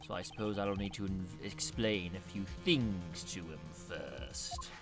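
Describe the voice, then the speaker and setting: A man voicing a composed, formal male prosecutor in a measured, deliberate way. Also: sits low, over music, voice pushed down. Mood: calm.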